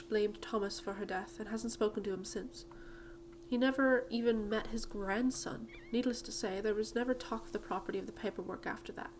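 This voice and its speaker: Woman doing a british-accented sweet chatty lady in a game, a bit high. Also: a little hiss or hum, lightly acted, poor audio. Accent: put-on British. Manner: gentle and chatty. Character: kindly chatty woman accountant. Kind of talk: reading game dialogue aloud.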